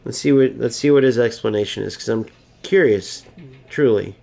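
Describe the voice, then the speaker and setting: A man's voice: mid-range voice, normal speed, creaky, warm tone. A young man, a gaming YouTuber, ranting in mocking, exasperated gameplay commentary.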